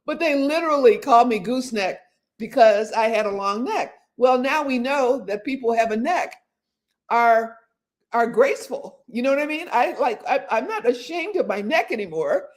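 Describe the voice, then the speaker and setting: An older woman hosting a casual motivational talk, animated and laughing often as she acts out the voices people use on themselves. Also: on the high side, normal speed. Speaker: host.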